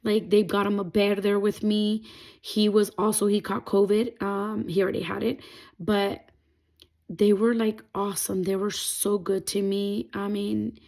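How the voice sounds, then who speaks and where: A woman's voice: mid-range voice, little pitch movement, measured pace, vocal fry, a little mellow. A young adult woman sharing a personal faith testimony in an earnest, rambling way, full of fillers. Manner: emotional, earnest. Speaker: testimony vlogger.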